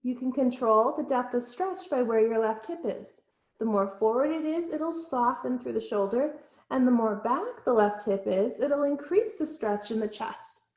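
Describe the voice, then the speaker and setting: A woman teaching a yoga class, giving slow and soothing cues with soft pauses. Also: a little high, animated, echoey room. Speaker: yoga instructor. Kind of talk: guided yoga class instruction.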